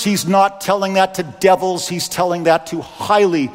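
High-voiced impassioned male preacher. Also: fairly even intonation, moderate pace, hardly any pauses, soft background music. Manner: impassioned, reads scripture aloud. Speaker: pastor. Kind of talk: sermon. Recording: echoey hall reverb.

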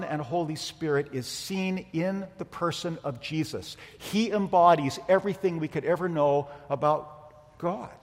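A man preaching a sermon as pastor, emphatic, with rhetorical questions and swings from loud to quiet. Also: high voice. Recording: long hall reverb.

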